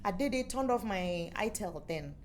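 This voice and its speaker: Animated Nigerian woman telling a story. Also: medium pitch, normal speed, crowd noise. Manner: animated, playful storyteller who acts out quotes. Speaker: musician and former radio presenter, interview guest. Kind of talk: casual storytelling interview.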